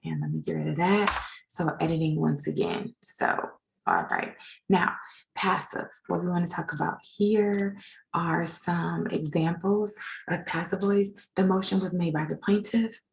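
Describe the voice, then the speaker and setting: Gravelly low-voiced woman instructor. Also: a little slow, low-quality recording. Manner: chatty, self-deprecating asides while editing slides. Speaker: legal writing instructor. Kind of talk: informal recorded lecture.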